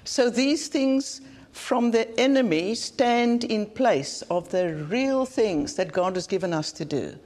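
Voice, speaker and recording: A woman's voice: on the high side, takes it slowly, few pauses, darkish tone. South African woman, conference preacher; earnest, blunt, repeats lines for emphasis. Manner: earnest, plain-spoken preaching with repetition. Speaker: conference speaker. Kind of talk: sermon.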